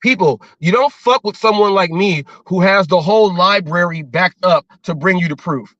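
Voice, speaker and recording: High-voiced man ranting on a livestream. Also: normal speed, fairly bright tone, dry recording, lo-fi sound. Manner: defensive, repeats words and restarts often. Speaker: livestream host.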